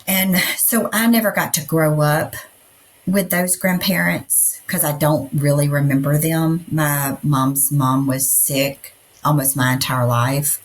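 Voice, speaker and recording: Low-voiced woman, chatty storyteller. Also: steady tone, unhurried. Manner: rambling, storytelling with many fillers. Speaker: podcast co-host. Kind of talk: casual chat.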